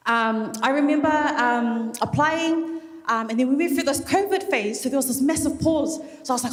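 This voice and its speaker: Woman from New Zealand, high voice, candid emotional graduation speech, heavy fillers, echoey hall with long reverb. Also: moderate pace. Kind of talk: personal speech at a ceremony.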